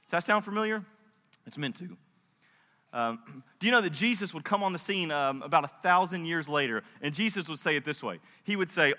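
Male pastor, high bright voice, emphatic, chatty preaching, reverberant hall. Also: animated, normal speed. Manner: conversational, emphatic preaching with asides. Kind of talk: sermon.

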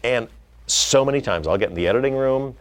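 A man's voice: mid-range voice, brisk. A middle-aged man, a film director, talking casually in an interview and acting out quotes as he tells stories. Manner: animated storytelling, acting out quotes. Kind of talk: conversational interview.

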